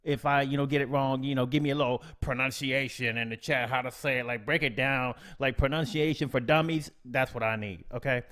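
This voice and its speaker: A man's voice: mid-range voice, fairly even intonation, brisk, few pauses. A young man hosting a casual live stream tutorial, chatty and upbeat, with playful slang, reading out viewers' comments. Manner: upbeat, slangy, chatty, reads chat shout-outs aloud.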